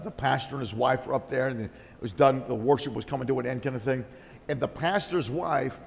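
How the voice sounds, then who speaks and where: A man preaching a sermon, telling a story in a rambling, animated way with many restarts and asides. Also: mid-range voice, gravelly. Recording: long hall reverb.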